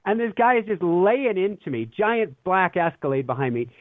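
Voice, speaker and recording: A man's voice: high voice, very animated, moderate pace, dry recording. Earnest man on a tinny line. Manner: earnest, reflective, laughs often. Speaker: guest. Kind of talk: casual spiritual talk. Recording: tinny phone-line sound.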